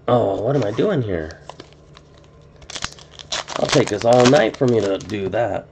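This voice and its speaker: Hosting a card-breaking live stream, a man chats casually and muses aloud, frequently restarting sentences. His voice is lowish, a bit slow and slightly mellow, and the lo-fi stream audio is dull with faint noise.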